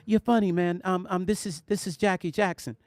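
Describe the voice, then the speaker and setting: A man doing an impression of a soft-spoken man on a phone call, with a light, breathy, gentle delivery. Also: high-pitched, fairly even intonation, a little fast, dry recording, lightly acted. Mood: soft, polite. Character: famous older man on a phone call, speaking softly and gently.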